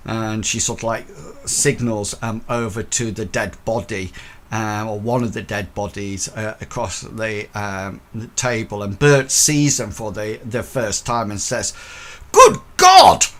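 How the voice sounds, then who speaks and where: A man's voice: lowish voice, steady tone, a little slow. A man narrating as game master, hesitant and full of fillers.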